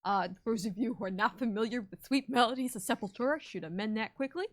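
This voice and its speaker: A woman's voice: fairly high pitch, quick pace. A woman playing in a tabletop game, giggly and teasing. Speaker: player. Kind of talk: casual tabletop play.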